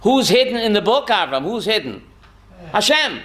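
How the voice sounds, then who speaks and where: Bright high-voiced rabbi teaching a class. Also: male voice, very animated, moderate pace. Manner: quizzes listeners by name with questions; folksy, jokey asides.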